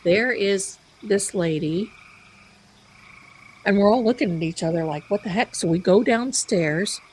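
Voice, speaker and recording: A woman hosting a live stream, telling a story in an animated, chatty way. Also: medium pitch, measured pace, slight background noise, rough recording. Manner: animated, chatty, loud bursts of laughter. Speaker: psychic live-stream host.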